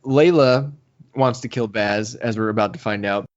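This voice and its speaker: A man co-hosting a podcast in casual chat, recapping a story with animated retellings and quotes. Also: fairly low pitch, moderate pace, lo-fi sound. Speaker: podcast co-host.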